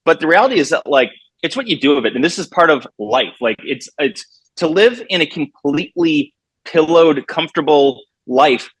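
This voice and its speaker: A man talking reflectively as a podcast guest. His voice is husky and middle-pitched, and he often restarts his sentences. The sound is dry and close. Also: lively intonation, no echo. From United States. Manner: reflective, halting with repeated restarts. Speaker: guest, army veteran. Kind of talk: casual interview chat.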